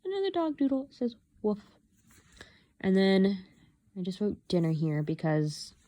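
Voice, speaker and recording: A young woman chats casually as she pages through her journal, with a voice that sits a little low for a woman. She rambles and pokes fun at herself. She jumps higher in pitch when she acts out her own thoughts. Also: dark tone. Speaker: vlogger.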